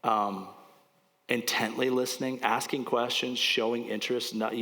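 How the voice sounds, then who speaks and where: A man's voice: medium pitch, little pitch movement, normal speed, pushed and bright. A man in his forties, a pastor teaching in a casual, rambling way, at times choked up with emotion. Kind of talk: sermon, conversational teaching. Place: church. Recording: church hall with long reverb.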